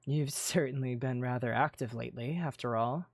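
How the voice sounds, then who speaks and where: A man voicing Oscar, a calm, bookish loner, speaking in a measured, guarded way in a game roleplay. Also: medium pitch, dry recording, clean studio sound, close to an everyday voice. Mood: wry. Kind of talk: voiced Minecraft roleplay dialogue.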